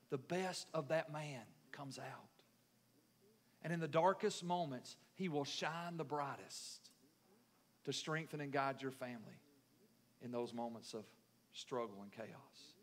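A middle-aged man preaching a sermon as pastor, building from quiet, measured talk up to loud, forceful preaching. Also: fairly high pitch. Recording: echoey hall reverb.

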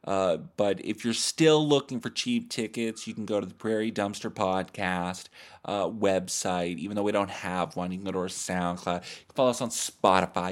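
A man hosting a podcast, rambling through a crude, profane comedic monologue in a deadpan, mock-serious way. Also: low voice. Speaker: podcast host.

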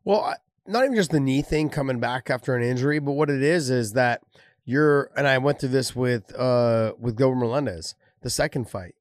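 Brief: male ex-fighter co-host, casual chat, lively quoted asides, dry close mic. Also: medium pitch, moderate pace, no room sound. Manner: storytelling, acting out quoted lines with laughs. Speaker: former fighter, podcast co-host.

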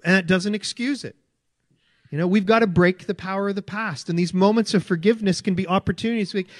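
A man's voice: high voice, steady tone, fast, no room sound, studio quality. A man preaching a sermon in an earnest, conversational way, often repeating his phrases. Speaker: pastor.

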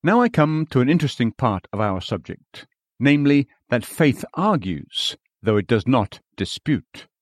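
A man reading a sermon aloud in measured, formal, old-fashioned preaching language. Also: medium pitch, very animated, no echo, clean studio sound. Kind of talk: read sermon.

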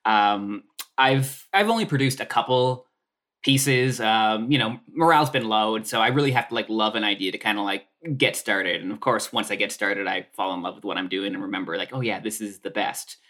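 A man's voice: lowish voice, a little fast, fairly bright tone. A Canadian man, a comedian guest, chatting casually and rambling with lots of fillers and restarts. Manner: rambling, filler-heavy, self-deprecating. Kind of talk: casual podcast chat.

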